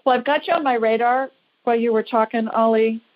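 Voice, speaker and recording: A woman's voice: on the high side, a little fast, phone-quality sound. Upbeat woman hosting a call-in show. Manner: chatty, upbeat, reassuring. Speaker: radio show host and psychic.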